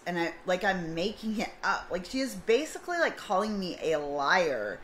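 Animated woman retelling a story. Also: lowish voice, unhurried, rough recording. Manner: animated, acts out both sides of a dialogue. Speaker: vlogger. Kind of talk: casual storytelling. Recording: faint background noise.

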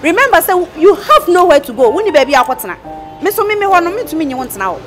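A scolding Ghanaian woman speaks in a high voice that swings widely up and down. Clear background music plays under her words. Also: sing-song, quick pace. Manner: scolding, reproachful. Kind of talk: Ghanaian film acting.

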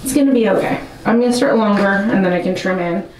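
A woman's voice: mid-range voice, fast, crowd noise. Nervous chatty woman vlogger, roomy sound. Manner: nervous, self-mocking, chatty. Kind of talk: casual talking to camera while cutting a wig. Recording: roomy and a bit distant from the mic.

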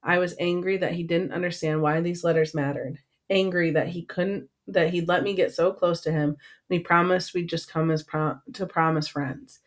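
A woman's voice: on the low side, fairly even intonation, moderate pace. A woman narrating an audiobook in first person with an earnest, emotional delivery.

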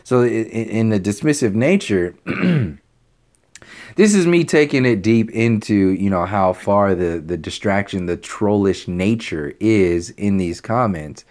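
A man's voice: fairly low pitch, lively intonation, a little slow, darkish tone. A man ranting to his channel, blunt and profane, stumbling over fillers and restarts as he talks off the cuff. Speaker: channel host. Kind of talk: unscripted ranting commentary.

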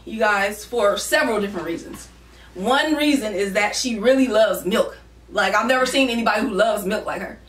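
A woman co-hosting a couple's vlog, chatting casually and teasing her partner while talking to the viewers. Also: on the high side. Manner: playful, teasing, talks to viewers as y'all. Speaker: co-host of a couple's channel. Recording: echoey room, mic at a distance.

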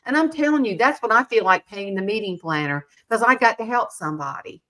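Woman, middle-aged, bright tone, animated, self-mocking storyteller, casual chat. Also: mid-range voice, brisk. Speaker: podcast host.

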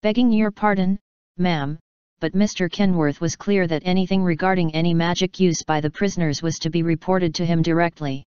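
A woman's voice: lowish voice, steady tone, a little fast, a little mellow, clear, resonant tone, no room sound, highs cut off, lightly acted. A woman voicing a polite male guard who answers respectfully and deferentially.

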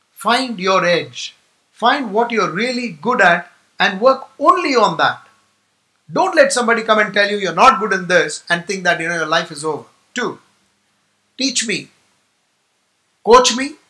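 A guest speaker from India gives a motivational talk to management students in a high, pushed and bright voice. He tells stories and repeats key points for emphasis.

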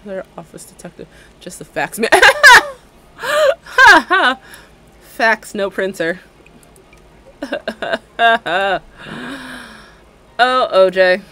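A woman's voice: mid-range voice, takes it slowly, long pauses, fairly bright tone. A young woman in her twenties streaming a game, chatting casually in a giggly, rambling way full of "like" fillers. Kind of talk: casual livestream chat while playing a game.

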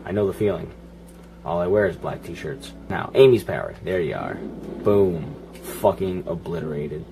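A gaming channel host with a deep, creaky voice talks at normal speed over background noise. Animated, he gives casual, profane running commentary while playing a video game, grumbling and joking at it.

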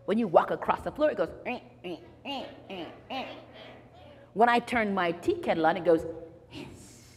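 A woman voicing a grumpy old man who hates noise, complaining loudly and huffily in a children's story. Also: medium pitch, animated, moderate pace, long reverb tail, close to an everyday voice. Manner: loud, huffy complaining.

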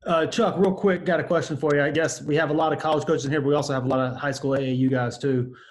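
A man's voice: a little high, fairly even intonation, fast. A male host asking a guest a long, rambling question full of fillers. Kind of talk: interview question.

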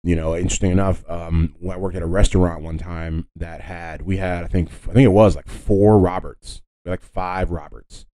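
Low, dark-voiced man rambling casually. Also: fairly even intonation, moderate pace, hardly any pauses. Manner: rambling, with many fillers and self-corrections. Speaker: podcast host. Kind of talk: casual solo podcast talk.

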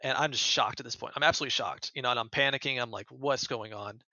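A man's voice: mid-range voice, rapid-fire, sharp tone, no room sound, low-quality recording. An American man who is a podcast guest, earnestly retelling events in a casual interview and often repeating words as he goes. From United States.

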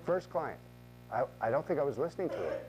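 A middle-aged man tells a motivational real estate story and acts out both sides of the conversations. His pitch sits in an ordinary middle range. A faint mains hum runs under the recording. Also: sing-song, fast talker, a little mellow, poor audio. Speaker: real estate agent and speaker.

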